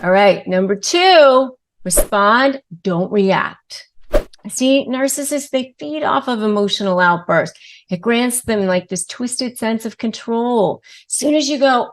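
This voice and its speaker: Slow-talking woman giving advice to camera. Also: on the high side. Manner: animated, acts out quoted lines with many fillers. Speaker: lawyer and self-help host. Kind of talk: direct-to-camera advice video.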